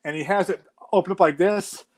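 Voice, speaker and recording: A man in his forties telling a story in casual chat, animated and swearing freely. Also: high voice, brisk. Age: 40s.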